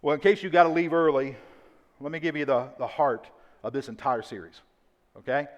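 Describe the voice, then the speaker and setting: A man preaches from a church stage, his somewhat high voice ringing through a large hall with a long echo. He talks emphatically, hammering repeated phrases and slowing right down on the words that matter. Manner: emphatic, repetitive preaching with deliberate slow stresses. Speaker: pastor. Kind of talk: sermon. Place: church auditorium.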